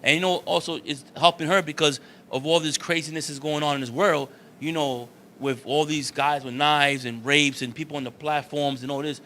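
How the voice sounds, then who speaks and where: A man with a slightly raised, bright voice speaks earnestly about family. He restarts phrases and repeats himself. A faint hum of ambience sits behind him. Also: fairly high pitch, steady tone, normal speed, hardly any pauses. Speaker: guest martial artist. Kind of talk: casual interview chat.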